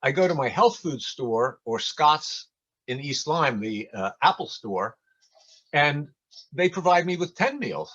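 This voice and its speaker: Older man with a husky, storytelling voice. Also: fairly high pitch, animated, measured pace, fairly bright tone, highs cut off. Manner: rambling, folksy storyteller. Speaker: community talk speaker. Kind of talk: casual anecdotal talk.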